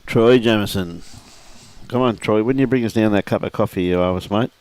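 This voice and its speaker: Male bowls caller, middle-aged, lowish pitch, matey and joking. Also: brisk, darkish tone, smooth. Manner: jokey, matey banter with frequent laughs. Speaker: lawn bowls commentator. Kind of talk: live sports commentary.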